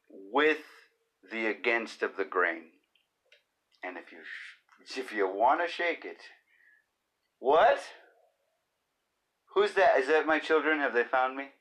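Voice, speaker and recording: A man's voice: fairly low pitch, fairly bright tone, highs cut off. A man in his thirties hosting a casual solo podcast, rambling and joking, often slipping into silly voices and bits of singing. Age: 30s. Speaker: podcast host.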